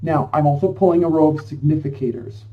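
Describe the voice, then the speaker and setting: A fairly high-voiced man chats his way through a tarot reading at home, rambling and effusive as he talks to the viewer. The sound is dull and lo-fi, with the mic set some way off from him. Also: fairly quick, distant mic. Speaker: tarot reader. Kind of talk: casual tarot reading to camera.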